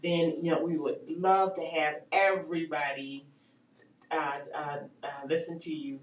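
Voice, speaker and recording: A woman's voice: low voice, steady tone, measured pace, roomy sound, far from the mic, dull audio, slight background noise. A woman hosting a call-in radio show, an eager, agreeable interviewer chatting with her guest. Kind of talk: casual chat on a call-in show.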